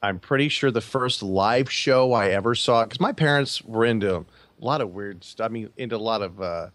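A man in his forties, a podcast co-host, telling a story in a halting, self-correcting way. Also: fairly low pitch, a bit bright, no echo. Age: 40s. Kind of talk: casual chat.

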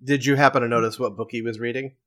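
A man's voice: mid-range voice, fairly even intonation, fast, a bit bright. A man guesting on a podcast, chatting casually and explaining things in a nerdy way. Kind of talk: casual chat.

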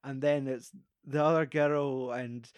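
A Scottish man in casual conversation, recapping a film scene by scene with plenty of swearing. His voice sits at a middling pitch and sounds close and dry, with hardly any room around it. He slips into quick impressions of the characters as he goes. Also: fairly even intonation, clear, resonant tone, dry recording, muffled recording.

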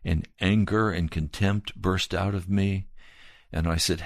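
A man preaching a slow, earnest sermon and telling a personal testimony. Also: sits low, steady tone, no echo, studio quality. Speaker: pastor.

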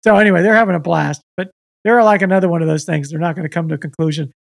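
A man's voice: on the high side, racing, vocal fry, no echo. A man co-hosting a podcast, chatting casually in a rambling, profane way. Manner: profane, rambling storyteller who acts out quoted people. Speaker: podcast co-host. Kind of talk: casual chat.

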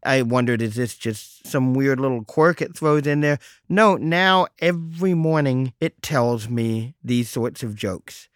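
A middle-aged man hosting a solo podcast, telling a story in a wry, deadpan way with mock exasperation. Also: mid-range voice, a little slow, clean tone, dry recording, clean studio sound. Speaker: podcast host.

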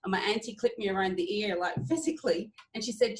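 A woman's voice: mid-range voice, fast, rough recording. A woman from Australia, a business owner, telling family stories in a casual interview.

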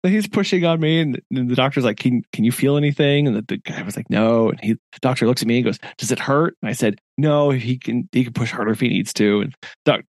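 A middle-aged man talks fast in a medium-pitched voice while co-hosting a podcast. He relates a story in relaxed conversation, laughing often, in a studio-quality recording without room sound.

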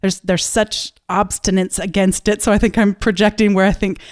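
A woman's voice: mid-range voice, flat delivery, normal speed, no room sound, studio quality. A woman hosting a podcast, talking thoughtfully and often correcting herself mid-sentence. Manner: thoughtful, with frequent self-corrections. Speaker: podcast host. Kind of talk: casual conversational interview.

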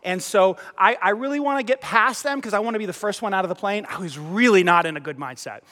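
High, bright-voiced pastor telling a story in a big hall. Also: male voice, fast. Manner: animated, self-mocking storyteller acting out dialogue. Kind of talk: sermon storytelling.

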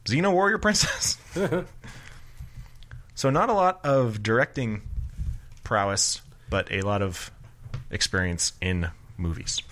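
A man's voice: on the low side, slow pace, pauses often, a bit bright. A man co-hosting a casual movie podcast, joking and teasing his co-host.

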